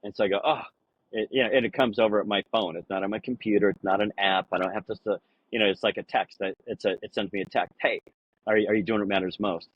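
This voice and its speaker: Man, husky voice, rambling casual storyteller, "you know" fillers, dry slightly dull podcast audio. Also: lowish voice, steady tone, quick pace, dry recording. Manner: rambling, lots of "you know", acts out quotes with a raised voice. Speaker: podcast guest.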